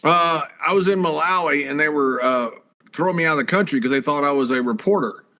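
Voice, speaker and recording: A man telling casual, animated stories in a talk show interview, swearing and acting out the voices of the people in them. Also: fairly high pitch, a little fast. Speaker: guest, former wrestler and commentator. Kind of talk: casual storytelling.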